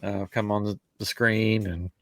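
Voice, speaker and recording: A man's voice: on the low side, a little slow, no room sound, clean studio sound. A man co-hosting a podcast in casual chat, telling stories and acting out what people said. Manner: animated storyteller, acts out quoted voices. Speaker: podcast co-host.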